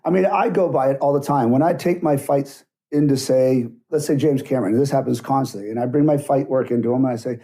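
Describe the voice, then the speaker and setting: A man's voice: mid-range voice, fast, few pauses, warm tone. A middle-aged man, a stunt coordinator, telling work stories bluntly and acting out both sides of conversations. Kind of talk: casual interview storytelling.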